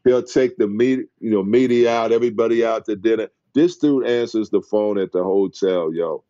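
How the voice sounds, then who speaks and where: A middle-aged man telling stories as a podcast guest, acting out quotes excitedly. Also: moderate pace, dry recording, muffled recording. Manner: excited storyteller who acts out quotes in a high voice. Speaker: guest, former basketball player. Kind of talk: animated storytelling in a podcast interview.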